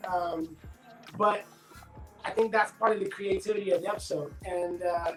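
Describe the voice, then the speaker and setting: A middle-aged actor being interviewed, telling stories in a loose, animated way and acting out his friends' voices. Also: high voice, moderate pace, reverberant, soft background music, poor audio. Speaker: actor guest. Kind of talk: casual interview storytelling.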